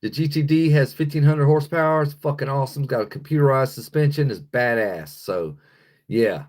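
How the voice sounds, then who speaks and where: A man's voice: mid-range voice, fairly quick, a little mellow. An American man hosting a livestream, ranting angrily and profanely while reading chat. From United States. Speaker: livestream host. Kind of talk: live-stream rant reading chat.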